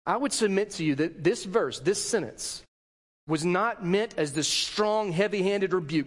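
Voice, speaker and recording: High-voiced guy preaching a sermon, punchy, acts out the quotes, long echo in the hall. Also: expressive, a little slow. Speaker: pastor.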